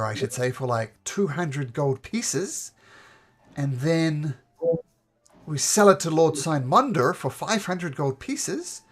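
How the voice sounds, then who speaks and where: A man voicing a nervous young male halfling merchant who stammers and pleads in a high voice. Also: slightly rough, heavily acted.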